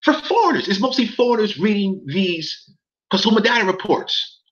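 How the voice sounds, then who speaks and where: Talking straight to his chat, a man on a casual livestream rants in a high, very animated, slightly bright voice at a moderate pace, and the recording is muffled. He gets heated, keeps repeating phrases and swears as his anger builds.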